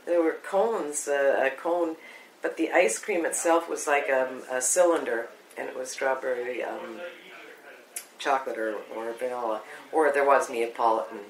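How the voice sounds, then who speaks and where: An older woman from Canada, reminiscing in an interview, rambling along with many pauses. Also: rumbling low. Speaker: oral history interviewee. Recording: echoey room.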